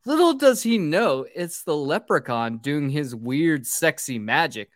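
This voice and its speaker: A man's voice: fairly high pitch, animated, a little slow, dry recording, studio quality. A man hosting a boozy movie podcast, recapping a film from his script with swearing and jokes. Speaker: podcast host.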